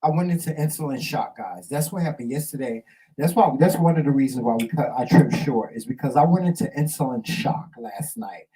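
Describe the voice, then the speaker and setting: A man's voice: mid-range voice, brisk, warm tone, rough recording. A man co-hosting a talk show, chiming in to back up his partner and describing his own experiences in casual chat.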